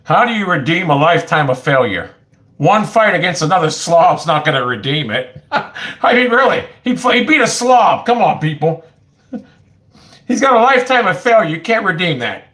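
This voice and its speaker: A man talks in a loose, rambling way, jumping from one topic to the next with blunt, profane asides. His voice sits a little high for a man and swings widely in pitch as he goes. It sounds like casual stream chatter. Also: sing-song, moderate pace, a bit bright, slightly rough.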